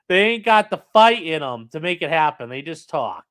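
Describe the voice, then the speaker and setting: A man's voice: high voice, expressive, fairly quick, fairly bright tone. A young man hosting a casual call-in livestream from a room at home, rambling and joking while reading chat aloud. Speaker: call-in show host.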